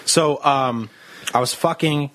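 A man's voice: mid-range voice, slow. A man co-hosting a comedy podcast, telling a crude story full of swearing and acting out the people in it. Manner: profane, animated storyteller who acts out shouting. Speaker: podcast co-host.

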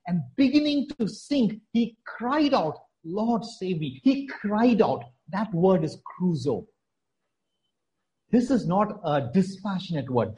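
A man preaching a sermon in an earnest, emphatic way, repeating key phrases and moving between soft, low passages and stronger lines. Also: low-quality recording.

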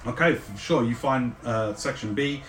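A man narrating as game master, describing the scene at length with frequent fillers and pauses. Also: medium pitch, a bit bright. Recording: roomy, distant mic.

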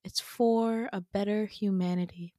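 A woman's voice: medium pitch, steady tone, a little slow, warm tone, no room sound, studio quality, lightly acted. A woman playing a smug villain scientist. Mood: falsely soothing. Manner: soothing, patronizing. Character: smug male villain scientist, falsely soothing.

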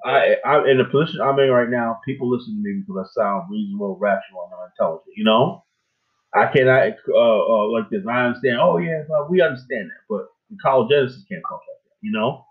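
A man's voice: fairly low pitch, quick pace. A man hosting a casual talk show, chatting loosely and often tagging his points with "you know what I'm saying". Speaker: host. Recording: phone-like narrow audio.

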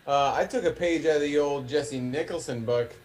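A man's voice: a little high, moderate pace, a little mellow. A man co-hosting a casual online show, joking around and swearing freely. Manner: joking and profane. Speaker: podcast co-host. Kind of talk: casual chat.

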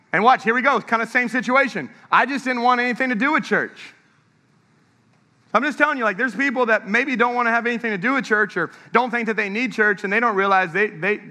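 Pastor, man, high bright voice, energetic storyteller preaching in a reverberant sanctuary. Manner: energetic storytelling, laughing often. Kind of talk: sermon. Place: church sanctuary. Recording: long echo of a large church hall.

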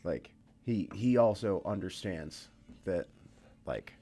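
A man's voice: sits low, animated, slow, warm tone, breathy edge. A tired man co-hosting a casual podcast. He swears freely and fills his talk with "dude" and "like.". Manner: profane, says "dude" and "like" a lot. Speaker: podcast co-host. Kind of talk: casual chat.

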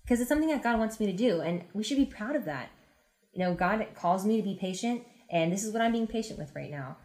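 A woman's voice: medium pitch, lively intonation, fast talker, darkish tone. A young engaged woman, a guest on a friend's faith podcast, retelling Bible stories in an earnest, chatty way. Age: young adult. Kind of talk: casual faith chat.

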